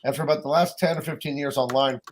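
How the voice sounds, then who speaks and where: A man's voice: mid-range voice, steady tone, fast talker, a little hiss or hum. Earnest rambling man. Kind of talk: casual chat.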